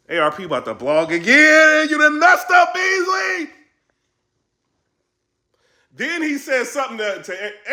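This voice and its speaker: High, excitable man with a gravelly edge. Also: moderate pace, roomy sound. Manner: animated, laughing, quoting others in a raised voice. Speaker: battle rap commentary vlogger. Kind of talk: excited casual commentary.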